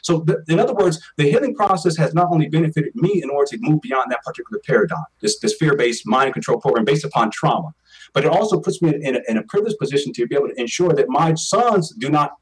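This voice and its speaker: A man's voice: a little high, expressive, fast, breathy edge, recorded from a distance, poor audio. A man in his forties telling a personal story as an interview guest, earnest and emphatic, often repeating his words. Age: 40s.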